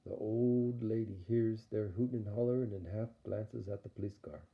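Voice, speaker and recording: A man's voice: fairly low pitch, steady tone, normal speed, creaky. A man narrating an audio story in a rambling, playful way. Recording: dull lo-fi recording.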